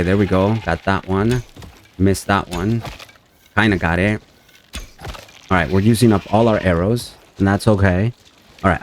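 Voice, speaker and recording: A man casually commenting on his own survival game as he plays, talking to viewers and yelping in alarm when things go wrong. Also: a little mellow. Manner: chatty, talks to viewers, jumps to high-pitched panic when things go wrong. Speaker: let's play gamer.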